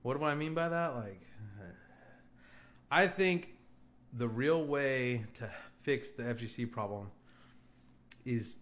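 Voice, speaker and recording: A man's voice: medium pitch, animated, slow pace, pauses often, fairly bright tone. A young man co-hosting a podcast, talking in a loose, profane, rambling way. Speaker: podcast co-host. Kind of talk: casual podcast chat. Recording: echoey room, faint ambience.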